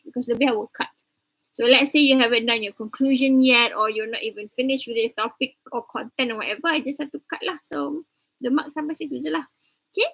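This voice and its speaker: A woman's voice: a little high, bright, forceful tone, breathy edge, no room sound, poor audio. A woman from Kelantan with a Malaysian English accent, briefing her class online in a chatty, teasing way and switching between English and Malay. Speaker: university lecturer.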